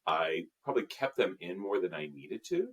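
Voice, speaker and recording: As a guest in an interview, an emotional intelligence trainer reflects earnestly on his work at a normal speed. His voice is low, gravelly and slightly rough with a sing-song lilt, and fillers crop up often.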